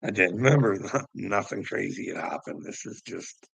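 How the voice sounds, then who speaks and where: A man's voice: low-pitched, normal speed, a bit bright, dry recording, poor audio. A man telling a personal story to camera in a rambling, profane way, often laughing as he goes. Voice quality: gravelly. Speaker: vlogger.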